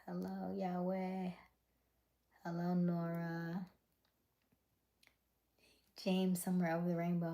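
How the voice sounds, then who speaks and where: A woman hosting a casual live stream, greeting viewers by name and reading their comments, often dropping into a soft whisper. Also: on the low side, level tone, slow pace, long pauses. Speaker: livestream host.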